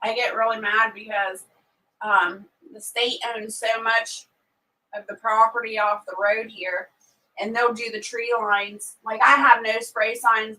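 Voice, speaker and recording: A woman with a high, bright voice chats casually with her live-stream viewers. She is outspoken and quick to vent. Her voice sits a little back from the microphone. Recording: voice a bit distant from the mic.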